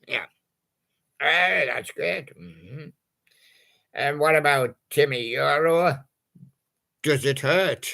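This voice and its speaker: A male host with a very gravelly, heavily creaky voice that is also strikingly bright and forceful. He takes his time, drawling through jokey puns on old song titles. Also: fairly high pitch, takes it slowly, pauses often. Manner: punning, jokey, chuckles at his own gags. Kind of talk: playful patter about old song titles.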